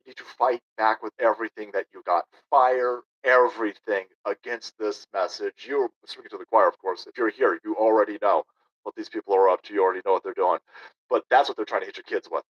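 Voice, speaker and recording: This thirty-something man runs a political livestream, reading viewers' chat out loud and ranting combatively with heavy sarcasm. His voice is on the low side, fairly quick and fairly bright, though the stream audio is dull and lo-fi.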